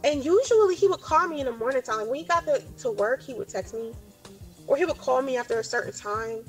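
A woman's voice: high voice, animated, fairly quick, soft background music. A woman in her forties casually retelling a conversation, full of "like" and loose fillers. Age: 40s. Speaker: storyteller in a clip. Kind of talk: casual storytelling.

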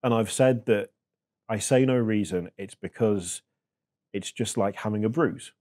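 A man in his thirties, a podcast guest talking in a reflective, halting way with many fillers. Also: lowish voice, a little mellow. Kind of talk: casual chat.

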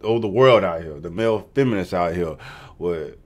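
A man's voice: deep voice, expressive, moderate pace. A man giving casual reaction commentary, profane and slangy, tacking on bro and dog. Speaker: music reaction host.

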